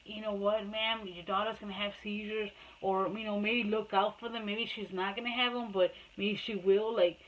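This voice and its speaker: A woman's voice: medium pitch, steady tone, normal speed, few pauses, poor audio. Casual storyteller, a woman who rambles and restarts a lot, mixes in spanish. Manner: switches between Spanish and English. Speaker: mother telling her life story.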